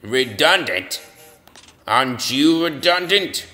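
A man's voice: medium pitch, animated, takes it slowly, pushed and bright, in a large hall. A man doing a cranky old man voice who nitpicks and accuses the other speaker. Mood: nitpicking. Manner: quibbling, accusing.

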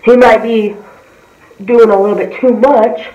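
A woman's voice: on the high side, fairly even intonation, measured pace, mellow, highs cut off. A woman giving a blunt, profane, heated reaction commentary as a vlogger. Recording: roomy, distant from the mic.

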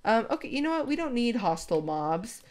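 A woman's voice: on the high side, very animated, brisk, darkish tone. Rambling woman gaming YouTuber. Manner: rambling, self-deprecating, with frequent laughs. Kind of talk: casual Minecraft gameplay commentary.

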